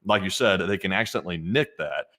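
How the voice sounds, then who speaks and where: A man's voice: deep voice, quick pace, fairly bright tone. A man co-hosting a live stream in casual chat, rambling with many fillers and restarts.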